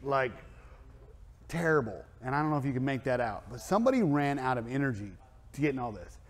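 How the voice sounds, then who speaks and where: A man's voice: mid-range voice, animated, fairly quick, long reverb tail, slight background noise. A man who owns a car wrap and tint shop, telling a story in a casual vlog, rambling and full of fillers. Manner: rambling, filler-heavy chatty delivery.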